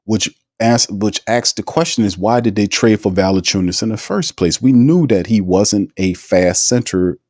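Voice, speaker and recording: Low-voiced emphatic New man. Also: moderate pace, hardly any pauses, a little mellow, no echo, clean studio sound. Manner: emphatic, slangy, teasing. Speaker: podcast host. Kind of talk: casual sports talk, reading live chat.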